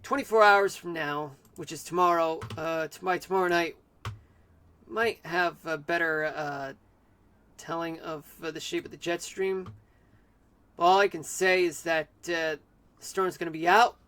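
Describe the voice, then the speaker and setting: A man streaming live, giving an amateur weather forecast in a halting way with many fillers and restarts. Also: on the high side, fairly even intonation, bright, forceful tone, clean tone.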